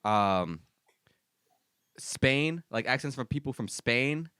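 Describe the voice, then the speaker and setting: A man's voice: medium pitch, animated, slow, sharp tone, clean tone, no echo, studio quality. A man co-hosting a casual comedy podcast, rambling and correcting himself, calling everyone dude. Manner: rambling, self-correcting, says dude a lot. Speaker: podcast co-host.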